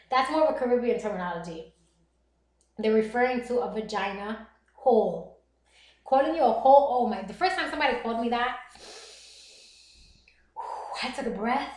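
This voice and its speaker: Chatty streamer woman, roomy sound. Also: fairly high pitch. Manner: animated, laughs often, reads chat aloud. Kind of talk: casual live-stream chat with viewers. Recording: roomy echo.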